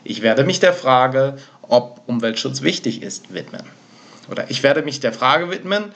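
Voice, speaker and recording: A man in a relaxed, informal grammar lesson, explaining in English and reading German example phrases one after another. His voice sits at an ordinary middle pitch. He speaks straight to the learner and corrects himself as he goes. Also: gravelly. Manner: informal, self-correcting, talks to the learner directly. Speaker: German language teacher. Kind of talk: casual spoken grammar lesson.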